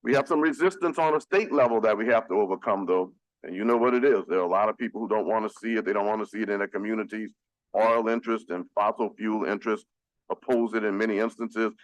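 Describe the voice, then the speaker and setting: Low-voiced new guy on the city council, earnest and emphatic, dry close mic. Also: fast talker, dry recording, rough recording. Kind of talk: formal public speech at a council meeting. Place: council chamber.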